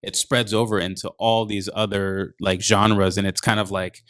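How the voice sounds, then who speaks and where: A man with a low, dry, close-up voice talks in an easygoing podcast chat about his meditation coaching. He is laid-back and loose, and he packs his sentences with filler words. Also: flat delivery, moderate pace, fairly bright tone, no echo.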